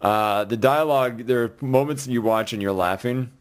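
A man's voice: medium pitch, normal speed. A man co-hosting a casual podcast, giving a blunt, sarcastic movie review with lots of restarts. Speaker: podcast co-host.

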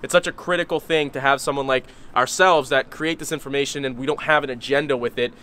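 A man who owns a digital agency, born in Brazil and raised in Connecticut, explaining his business in a quick, matter-of-fact way. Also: medium pitch, fairly even intonation, pushed and bright, clear, resonant tone. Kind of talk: casual interview talk. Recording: outdoor street noise behind the voice.

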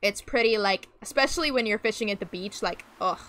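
A young woman with a bright, crisp voice talks casually to her stream while she plays a farming game. She rambles loosely and fills quiet moments with little hummed sounds. A faint hiss sits under the recording. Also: mid-range voice, a little fast. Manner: chatty, hums and makes little sounds to herself. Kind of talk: casual gameplay chatter.

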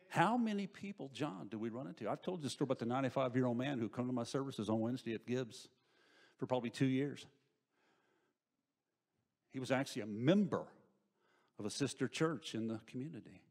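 A middle-aged man preaching a sermon in church. He asks rhetorical questions and moves between loud, emphatic lines and hushed asides. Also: mid-range voice, brisk, vocal fry, long pauses. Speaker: pastor. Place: church sanctuary.

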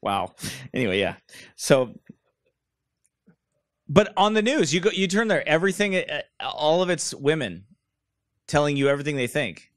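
A man preaching from a chair, blunt and mocking as he wanders into side stories. His voice sits a bit high for a man. The sound is dry and close, with little room echo. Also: very animated, moderate pace, long pauses. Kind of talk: sermon. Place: church room, speaker seated.

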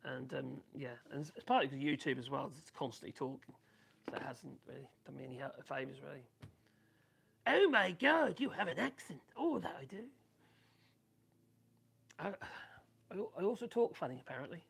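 A man with a Norfolk accent and a raspy, coarse voice, rambling casually on a live stream and reading out viewer comments. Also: mid-range voice, fairly quick, long pauses. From Norfolk, England. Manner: rambling and chatty, many ums and restarts. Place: home workshop.

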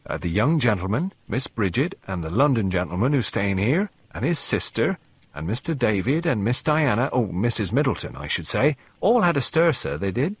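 A man voicing a chatty, old-fashioned female cook who rambles fondly about the old ways, in a husky voice. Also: fairly low pitch, big pitch swings, moderate pace, voice pushed up.

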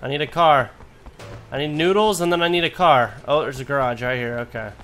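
A man's voice: medium pitch, brisk, a bit bright. A man hosting a let's play, giving joking, sarcastic commentary while swearing casually. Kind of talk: gameplay commentary. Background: game music.

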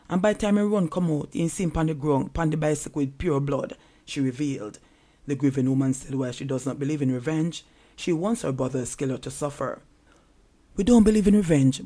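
A man reading crime news in a steady, measured scripted delivery. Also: mid-range voice. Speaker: news reader.

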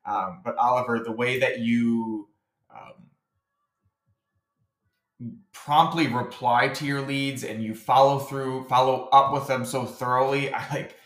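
Man, mid pitch, chatty coach giving feedback, rambles with restarts, roomy echo. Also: steady tone, measured pace, pauses often, a bit bright. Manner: rambling, many fillers and restarts, chuckling. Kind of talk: casual recorded feedback message.

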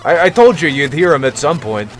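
A man's voice: fairly high pitch, lively intonation, fairly quick. A man streaming a video game and commenting casually, with profane, self-mocking jokes.

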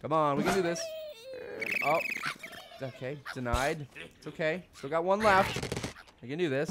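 A young man casually commenting on a mobile game, rambling nonsense and suddenly bursting into loud shouts. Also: fairly high pitch, animated, moderate pace, very noisy. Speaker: gaming video host. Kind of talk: goofy let's-play commentary.

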